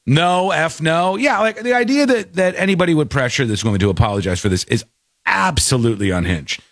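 Male host, lively scornful rant, dry close sound. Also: fairly high pitch, fairly quick, dry recording. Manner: animated, scornful ranting. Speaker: show host. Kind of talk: opinionated commentary.

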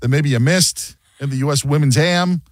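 A man's voice: a little high, normal speed, no echo. A man hosting a sports radio show, chatting casually and joking, often mimicking other people mid-story.

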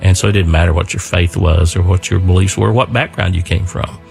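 Older man with a deep gravelly voice. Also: fairly even intonation, soft background music. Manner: earnest and reflective, with pauses. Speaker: son telling his veteran father's story. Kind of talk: spoken storytelling.

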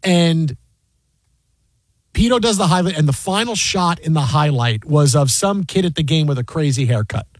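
A man hosting a sports radio show, telling a story in a rambling, animated way with many fillers and restarts, in a studio. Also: fairly high pitch, normal speed, dry recording. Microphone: studio mic.

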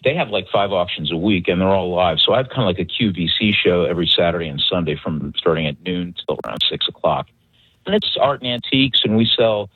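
A man's voice: deep voice, expressive, fast talker, husky, dry recording. A man calling in to a radio show, chatting casually and joking about his job. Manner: easygoing, joking. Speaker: caller. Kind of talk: casual phone chat. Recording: phone line.

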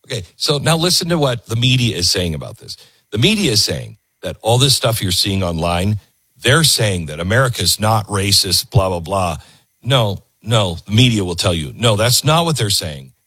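Animated husky male commentary host. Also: fairly low pitch, moderate pace, dry recording, studio quality. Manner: animated, emphatic, talks to the audience. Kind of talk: commentary on video clips.

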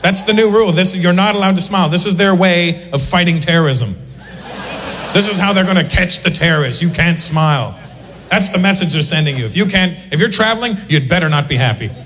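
A man's voice: sits high, a little fast. A Canadian man doing stand-up, telling stories with acted-out voices. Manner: animated storytelling with acted-out voices. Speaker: stand-up comedian. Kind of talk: stand-up comedy.

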